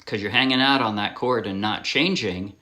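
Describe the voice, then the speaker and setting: A man's voice: on the low side, moderate pace. Laid-back man teaching ukulele. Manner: relaxed, rambling, often restarts and apologizes. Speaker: ukulele instructor. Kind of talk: casual music tutorial. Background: ukulele playing.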